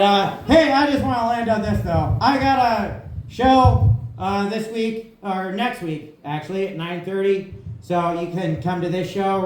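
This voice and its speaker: Profane stand-up comic in an echoey club. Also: male voice, high voice, slight background noise. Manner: conversational, profane, keeps asking "right?". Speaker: stand-up comedian. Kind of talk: stand-up set. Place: comedy club.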